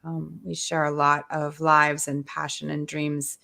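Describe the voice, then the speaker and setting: A woman hosting a casual group chat, speaking close to the microphone in a low, breathy radio voice. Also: completely flat delivery, a little slow, bright, forceful tone. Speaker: host.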